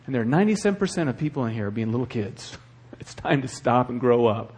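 A middle-aged male pastor preaching a sermon with animated delivery and acted asides. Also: medium pitch, fast talker, husky.

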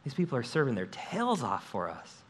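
A man preaching a sermon as pastor of his church, talking in an energetic, conversational way and joking with the congregation, speaking into a stage microphone. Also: mid-range voice, brisk, slight background noise.

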